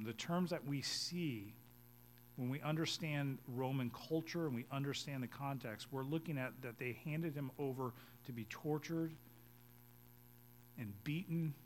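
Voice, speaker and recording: A male pastor preaching a sermon, reading scripture aloud and explaining it, his voice swelling to loud emphatic peaks and then dropping low and quiet. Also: slight background noise.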